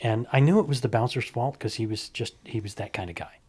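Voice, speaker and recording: A man's voice: medium pitch, a little fast, slightly rough. A middle-aged man, a stunt coordinator, telling stories in casual conversation and acting out the dialogue. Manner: animated storyteller who acts out quoted dialogue.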